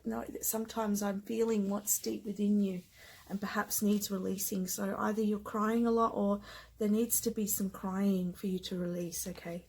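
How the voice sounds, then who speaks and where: A woman giving a gentle, emotional spiritual card reading, with soft whispered asides. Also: medium pitch, gravelly, low-quality recording. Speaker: tarot card reader.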